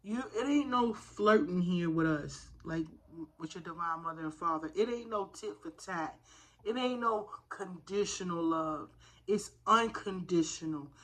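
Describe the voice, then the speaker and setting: A woman's voice: on the low side, measured pace, fairly bright tone. A woman giving a spiritual tarot reading in a fervent, preacher-like way, calling her listeners y'all. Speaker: tarot reader.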